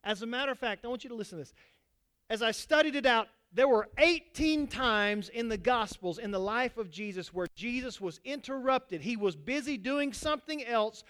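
A man preaching a sermon to his congregation as pastor, swinging between loud exhortation and quiet asides. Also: extremely high pitch, smooth.

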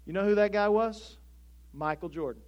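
A pastor preaching a sermon to a congregation, talking conversationally with jokes and building to emphatic preaching. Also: male voice, high-pitched, moderate pace, lo-fi sound.

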